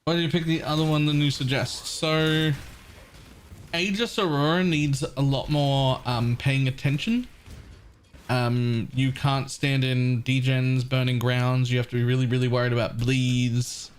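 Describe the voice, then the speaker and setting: A man's voice: mid-range voice, a little slow, a little hiss or hum. Casual, cussing male game streamer. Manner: relaxed, answers chat questions, swears casually. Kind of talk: casual live gameplay commentary.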